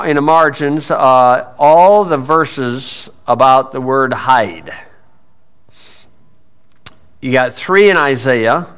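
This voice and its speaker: Man teaching the Bible, clear and higher-pitched. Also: fairly bright tone. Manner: conversational, asks and answers his own questions, frequent "okay"; frequent throat clearing.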